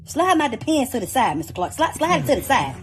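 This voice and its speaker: A woman's voice: sits high, very animated, quick pace, slight background noise. A woman playing a bawdy, cussing old lady in a radio comedy skit. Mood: impatient. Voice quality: brassy, cussing.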